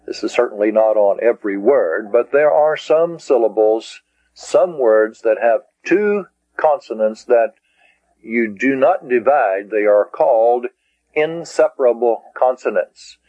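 Slow, patient male teacher, lo-fi. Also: medium pitch, lively intonation, a little mellow, no echo. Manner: slow, patient, repeats key words. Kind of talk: slow lecture on Greek syllables. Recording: dull lo-fi recording.

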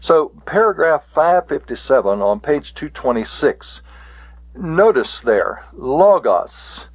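A man teaching a Greek grammar lesson on tape, slow and deliberate, stopping to spell out word forms. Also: fairly high pitch, big pitch swings, slightly rough, dry recording. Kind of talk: recorded taped lecture. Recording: tinny lo-fi tape.

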